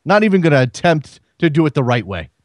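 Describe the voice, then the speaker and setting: A man's voice: on the high side, big pitch swings, fast talker, dry recording, studio quality. A man hosting a casual sports call-in radio show, talking off the cuff and often repeating words as he thinks aloud.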